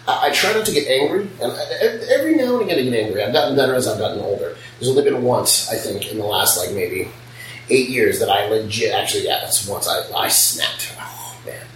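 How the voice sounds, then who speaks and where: Brief: quick-talking, foul-mouthed shop owner chatting, miked from a distance in a roomy space. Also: male voice, mid-range voice, animated, a bit bright, slight background noise. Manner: blunt, profane storytelling. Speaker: piercing studio owner. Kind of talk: casual podcast chat. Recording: roomy, distant mic, faint ambience.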